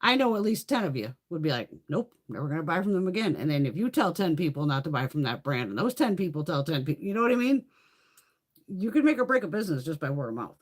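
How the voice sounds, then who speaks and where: A woman chats loosely on her livestream, swearing freely and telling stories in a blunt, no-nonsense way. Her voice sits fairly low, yet her pitch swings widely as she gets animated. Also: quick pace. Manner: profane, blunt storytelling, reads viewer comments. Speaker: livestream host. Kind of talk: casual livestream chat.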